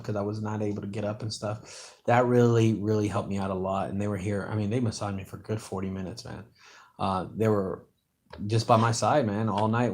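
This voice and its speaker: A man's voice: on the low side, darkish tone. A man who runs a junk removal business, chatting casually to his viewers on a livestream from a hospital room, rambling and often saying "man" and "I'm telling you". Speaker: junk removal business owner and channel host.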